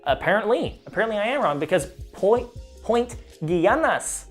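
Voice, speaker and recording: A man's voice: high-pitched, very animated, normal speed, soft background music. A man hosting a live trivia game stream, chatty and self-mocking, stumbling over place names as he reads the questions.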